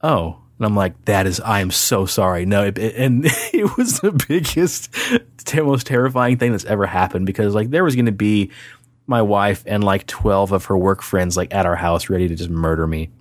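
A man co-hosting a podcast, telling a story in a casual chat, animated and laughing often. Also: fairly low pitch, normal speed, dry recording. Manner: animated, acts out voices in his anecdote, laughs often. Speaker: podcast co-host.

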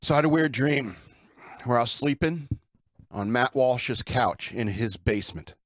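A man's voice: mid-range voice, expressive, measured pace, no echo, studio quality. A man hosting his own show, talking in an irreverent, rambling way with fillers and chuckles. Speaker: podcast host. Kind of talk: casual rambling monologue.

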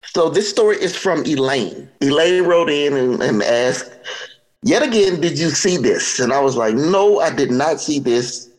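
A man's voice: fairly high pitch, expressive, unhurried, rough recording. A young man hosting a comedy podcast, chatting casually and breaking into laughter as he reads a story aloud. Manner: laughs often while reading aloud. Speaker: podcast host.

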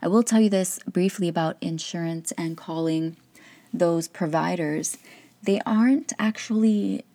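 Low, gravelly woman giving candid advice. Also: unhurried, mellow. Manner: candid, chatty, laughs often. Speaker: podcast host and life coach. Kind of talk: casual advice monologue.

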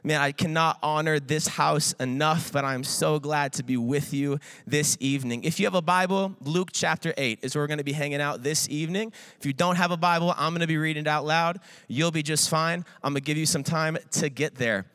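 A man preaching a casual, energetic sermon as a guest speaker, playful and full of filler words, acting out little quoted voices. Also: on the high side, a little fast, few pauses, clear, resonant tone, dry recording. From Iowa, US.

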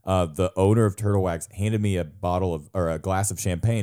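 A man's voice: low voice, fast, hardly any pauses, mellow. A young man co-hosting a podcast, telling a long funny story in casual chat, laughing often and mimicking other people's voices. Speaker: podcast co-host.

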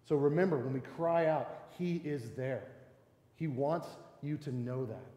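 A male pastor preaching a sermon in a church, acting out quoted voices with animated delivery. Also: fairly high pitch. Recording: echoey church hall.

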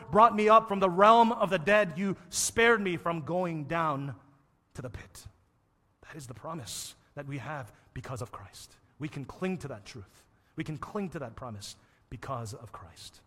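A male pastor delivers a sermon in a high, bright voice. He builds rousing momentum through repeated phrases. His voice rings out with long reverb in a church hall.

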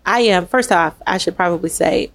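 A woman hosting a candid online panel talk, speaking earnestly and with animation, with quick asides and laughs, over a video call. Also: on the low side, gravelly, a bit bright. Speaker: host and summit founder.

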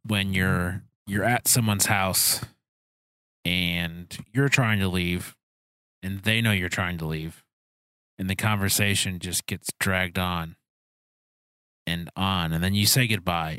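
Male podcast host, very low voice, loose rambling questions, dry close mic. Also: steady tone, a little slow, sharp tone, clean tone, no room sound. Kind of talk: casual conversational interview.

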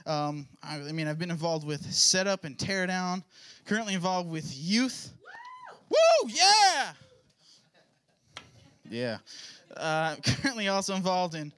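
A man's voice: fairly high pitch, moderate pace, fairly bright tone, smooth. A young man, a pastor's son, sharing a personal testimony in a casual sermon style, with joking, self-mocking asides. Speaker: pastor's son giving a church talk.

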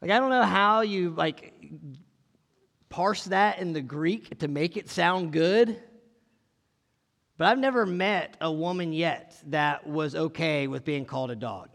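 A man's voice: a little high, unhurried, creaky, fairly bright tone, in a large hall. A man preaching a conversational sermon, reading scripture and asking his listeners questions in a casual way. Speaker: pastor.

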